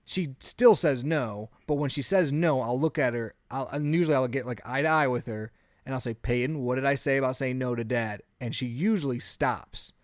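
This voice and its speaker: A man in his thirties, a podcast co-host telling an animated story in a casual chat, often acting out what he said. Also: medium pitch, normal speed, no echo, studio quality.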